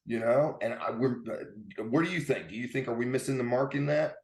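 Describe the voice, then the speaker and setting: A man's voice: medium pitch, a little fast, a little mellow. A man hosting a golf podcast, talking casually and emphatically, often tagging his points with "man" and "right.". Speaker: podcast host. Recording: roomy echo.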